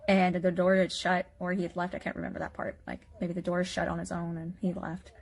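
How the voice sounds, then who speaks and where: A woman's voice: lowish voice, monotone, fairly quick, faint music behind. A woman anxiously recounting a dream, rambling with many fillers and bewildered questions.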